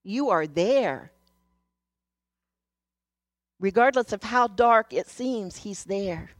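Woman preacher, earnest storyteller, mid-pitched voice, dry close sound, swings from hushed to emphatic. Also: lively intonation, takes it slowly, no echo. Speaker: speaker sharing a devotional message. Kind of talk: sermon.

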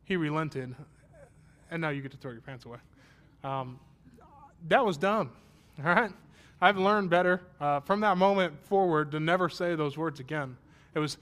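A man's voice: a little high, normal speed, pauses often, fairly bright tone, clean tone. A man in his thirties preaching a sermon, self-deprecating and conversational, then rising to emphatic praise. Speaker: pastor. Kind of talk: sermon with personal story.

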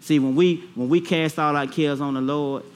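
Male preacher, slightly high voice, call-and-response sermon, repeats and stretches key phrases. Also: fairly even intonation, normal speed, clean tone.

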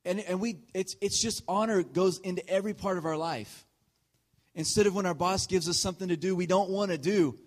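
Animated preacher telling a family story. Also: male voice, high voice, a little fast. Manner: animated storyteller, often laughing mid-sentence; swings between hushed asides and loud punchlines. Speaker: pastor. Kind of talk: sermon with personal story.

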